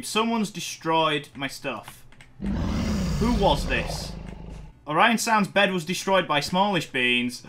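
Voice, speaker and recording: A young man giving excited commentary over his own gameplay, talking to himself and getting loud in fights. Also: a little high. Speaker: gaming YouTuber.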